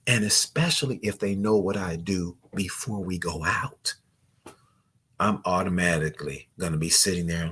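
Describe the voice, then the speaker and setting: A man hosting a live dating-advice chat, preaching to viewers in an animated, joking way. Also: low voice, moderate pace, a little hiss or hum. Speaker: dating coach and host.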